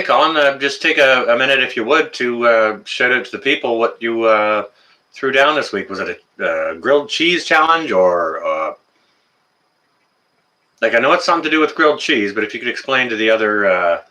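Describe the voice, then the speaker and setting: A man's voice: fairly low pitch, moderate pace, bright, forceful tone. A Canadian man hosting a casual livestream, greeting viewers in the chat by name and chatting with plenty of fillers. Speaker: livestream host.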